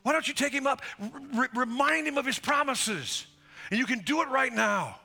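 A man's voice: extremely high pitch, expressive, normal speed, gravelly, breathy edge. A man preaching a sermon as pastor, exhorting the congregation directly and quoting scripture. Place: church sanctuary. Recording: music under the voice. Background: band playing softly.

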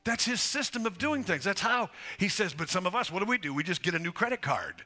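A man's voice: high-pitched, very animated, quick pace. A man preaching a sermon as pastor, exhorting the congregation directly and quoting scripture. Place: church sanctuary. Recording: music under the voice. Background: band playing softly.

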